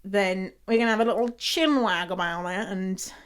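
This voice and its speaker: A woman's voice: mid-range voice, moderate pace, clear, resonant tone. A young British woman hosting a casual solo podcast, chatty and full of laughs and swearing. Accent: British English. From England. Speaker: podcast host.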